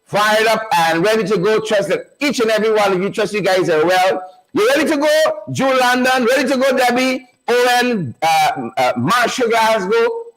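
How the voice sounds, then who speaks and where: A man with a high, animated, somewhat bright voice hosts an energetic live online show at normal speed, greeting viewers by name. He repeats phrases to build hype, and the recording is rough.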